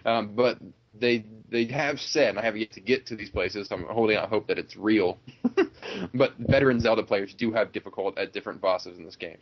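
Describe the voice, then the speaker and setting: A man's voice: lowish voice, highs cut off. A man hosting a casual podcast chat, rambling along with lots of fillers and frequent chuckles. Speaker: podcast host.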